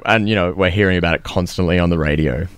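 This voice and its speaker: A man chats loosely on a podcast, cursing freely and laughing at his own stories. His voice sits very low. The sound is dry and close, with no room around it. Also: fast, clean tone, no echo. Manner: crude, swearing, laughs a lot. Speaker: podcast co-host. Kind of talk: casual chat.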